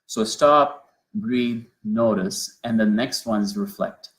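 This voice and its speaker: A man's voice: fairly low pitch, takes it slowly, a bit bright. A man teaching a mindfulness lesson, earnest and explaining step by step, often restarting and repeating his phrases.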